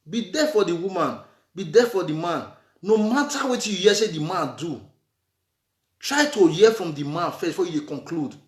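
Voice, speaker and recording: A man with a Nigerian accent gives earnest, repetitive relationship advice in a casual preachy monologue, mixing in Nigerian Pidgin. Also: sits high. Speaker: vlogger giving relationship advice. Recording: echoey room.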